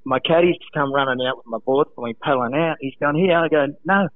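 An Australian man calling in to a radio show from home, telling stories in an animated way, laughing often and acting out quotes. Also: fairly high pitch, brisk. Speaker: guest, former lifeguard. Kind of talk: casual storytelling on a radio call. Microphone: phone. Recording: tinny phone line.

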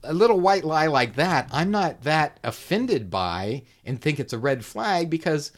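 Podcast cohost, swoopy lively voice, teasing, chatty. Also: medium pitch, a little slow. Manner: teasing, expressive, conversational. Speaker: podcast co-host. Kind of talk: casual chat.

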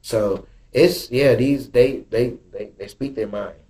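A man hosts a podcast and talks in a relaxed, slangy way. His voice is warm and mellow. He sits at a middle pitch for a man. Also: slow pace. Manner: laid-back, slangy, laughs while talking. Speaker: podcast host. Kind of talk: casual chat.

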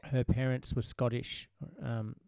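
A man's voice: mid-range voice, flat delivery, a little slow, creaky, a little mellow, clean tone, dry recording. A man hosting a casual conversation, chatty and explaining things for his listeners, with frequent restarts. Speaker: host.

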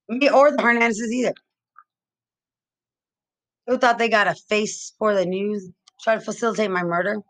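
A Texas woman with a somewhat high, slightly bright voice launches into an angry, rambling monologue. She's agitated and accusatory, repeating her charges over and over and swearing throughout.

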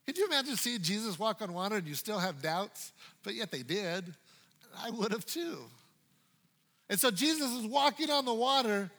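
A male pastor preaching a sermon in a playful, dynamic way, swinging from loud to hushed. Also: sits high, very animated, normal speed, in a large hall.

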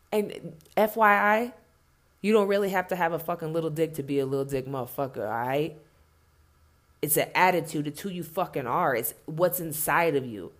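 A woman delivering an impassioned spoken rant, blunt and heavily profane, hammering points home by repeating herself. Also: lowish voice.

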